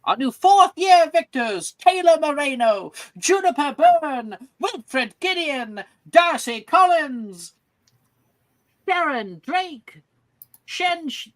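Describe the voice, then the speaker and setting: Game master doing a slow, pompous ceremony announcer. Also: high voice, animated, pitched above the performer's own voice. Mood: proclaiming. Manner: slow, drawn-out proclamation. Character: grand school ceremony announcer.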